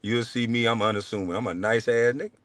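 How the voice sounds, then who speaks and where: A middle-aged man hosting his show, ranting in a blunt, profane way and swinging between low mutters and loud outbursts. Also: fairly even intonation, fast talker, no echo. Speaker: show host. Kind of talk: heated livestream rant.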